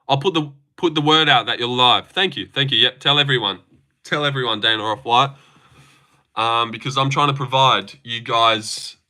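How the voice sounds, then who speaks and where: A man with a mid-range, sharp-toned voice hosts a casual livestream, reading viewer comments and chatting in a rambling, sarcastic style. He swears freely as he goes.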